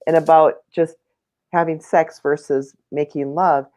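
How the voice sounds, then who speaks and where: A woman's voice: low-pitched, fairly even intonation, unhurried, mellow. A woman hosting a conversation, speaking earnestly and restarting her sentences when she is moved. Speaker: host. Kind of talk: casual conversation.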